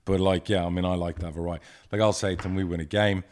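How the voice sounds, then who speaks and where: A football club chairman with a low-sitting voice talks fast as co-host of a casual podcast. He tells stories bluntly and profanely, with lively energy.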